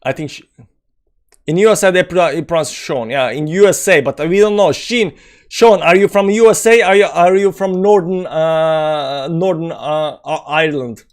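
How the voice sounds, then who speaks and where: Speaking at a normal speed in a fairly high voice, a crypto channel host with a Balkan accent reads out viewers' comments during a live stream and replies to them. His talk rambles and is full of fillers.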